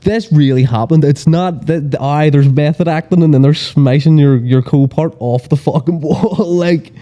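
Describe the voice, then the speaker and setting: Male podcast guest, very dark mellow tone, casual, sweary, rambling. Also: on the high side, moderate pace, lo-fi sound. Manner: sweary, rambling storyteller full of fillers. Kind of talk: casual chat.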